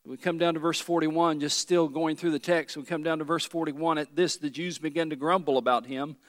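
High-pitched pastor guy preaching hard, lots of church echo, asks the crowd stuff. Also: steady tone, fairly quick. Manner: emphatic preaching, calls out to the congregation with rhetorical questions. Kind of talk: sermon. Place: large church with a balcony. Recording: long hall reverb in a large church.

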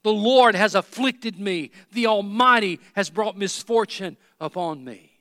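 A man's voice: high-pitched, measured pace, fairly bright tone, no echo, clean studio sound, in a large hall. A man voicing a grieving, bitter older woman. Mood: accusing. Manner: choked, lamenting, repeating her laments.

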